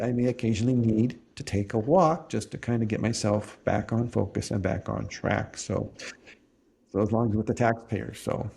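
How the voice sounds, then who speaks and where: A man hosting a podcast interview, explaining tax resolution in a measured way with frequent restarts. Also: fairly low pitch, gravelly, warm tone.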